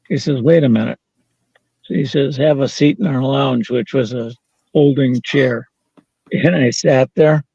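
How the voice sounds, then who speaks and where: A man's voice: medium pitch, gravelly, warm tone, breathy edge, no room sound, highs cut off. An older man telling a story as an interview guest, quoting the people in it and laughing now and then. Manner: anecdotal, quoting others in dialogue, with laughs.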